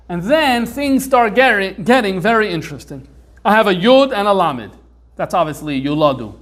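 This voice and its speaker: High-voiced man lecturing with many fillers. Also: lively intonation, moderate pace. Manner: conversational, thinks aloud with frequent fillers. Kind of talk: informal lecture on manuscripts.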